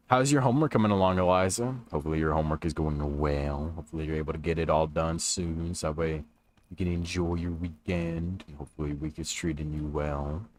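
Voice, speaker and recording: A man's voice: extremely low pitch, little pitch movement, brisk, a little mellow. A young man chatting casually with viewers on a gaming livestream from his room, laid-back and talkative, greeting people as he plays. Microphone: stream microphone.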